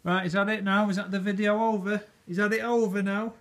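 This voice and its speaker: Male vlogger, raised voice, gravelly, dotes on his pets. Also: high voice, flat delivery, brisk, noisy background. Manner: doting baby talk to pets, chuckling often. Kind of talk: casual vlog talking to his puppies. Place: at home indoors.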